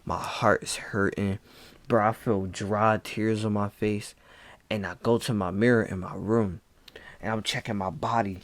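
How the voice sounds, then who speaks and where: A man telling a spooky story in a laid-back, hushed casual way, dropping "bro" often. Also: fairly low pitch, fairly even intonation, measured pace, dry recording. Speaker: vlogger.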